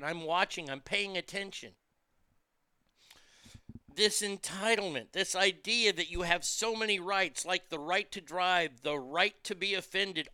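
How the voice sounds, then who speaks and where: High, bright-voiced ranting man. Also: clean tone, dry recording. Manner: profane, swings from muttering to loud ranting. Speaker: podcast host. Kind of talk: casual ranting monologue.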